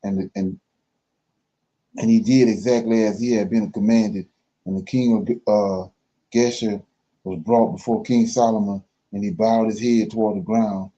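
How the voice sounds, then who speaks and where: A man reading scripture aloud for a Bible study, slow and careful, pausing and correcting himself as he goes. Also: fairly low pitch, steady tone, warm tone, lo-fi sound.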